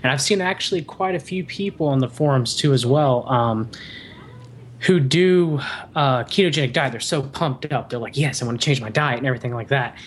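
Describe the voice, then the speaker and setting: Man explaining at length, mid-pitched. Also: normal speed, slight background noise. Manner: explanatory, talks in long winding runs. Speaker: guest. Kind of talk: casual chat.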